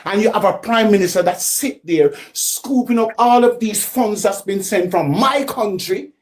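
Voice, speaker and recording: Jamaican-british guy ranting hot about politics, kinda high voice, loud and emphatic. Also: normal speed. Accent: Jamaican Patois mixed with British English. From born in England, raised in Jamaica. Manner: heated, emphatic, raises his voice. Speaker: caller in a live discussion stream. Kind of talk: impassioned political talk.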